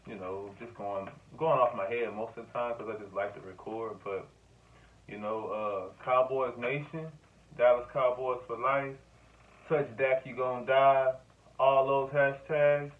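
A man rambles through a profane sports rant, speaking straight to the camera. His voice sits at an ordinary pitch. The sound is thin and phone-like, and he is set back from the mic. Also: steady tone, measured pace, distant mic. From Louisiana. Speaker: sports vlogger.

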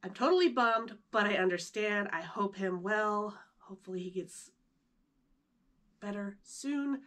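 A woman's voice: medium pitch, animated, unhurried, a bit bright. A woman vlogger talking casually to camera in an upbeat, chatty way while losing her voice. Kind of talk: casual vlog talk to camera.

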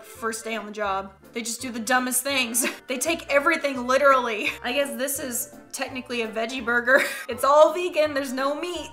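A woman's voice: high voice, pushed and bright. A woman hosting a casual reaction video, laughing often between lines and reacting with exaggerated disgust. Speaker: YouTube host.

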